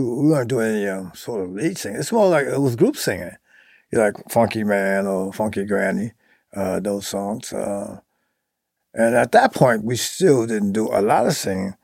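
Older male musician guest, gravelly, halting, dry close mic. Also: medium pitch, animated, darkish tone, no room sound. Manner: halting, many ums and you-knows. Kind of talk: casual interview talk.

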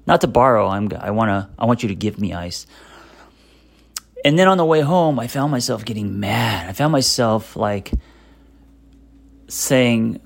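Middle-aged male therapist-host, gravelly and low, talking off the cuff with plenty of ums. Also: normal speed, pauses often. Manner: hesitant, lots of fillers and restarts, candid. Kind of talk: casual self-help monologue.

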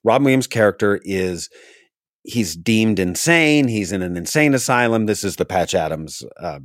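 A man, an actor, telling a casual anecdote from a film set, animated and quick to laugh. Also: lowish voice, dry recording, studio quality. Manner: animated, laughs often, mimics others' voices. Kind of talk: casual storytelling.

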